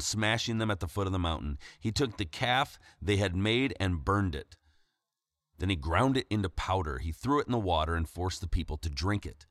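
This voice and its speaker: A man preacher reading scripture aloud in a measured way, then explaining it in a sermon. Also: sits low, a bit bright, dry recording, clean studio sound.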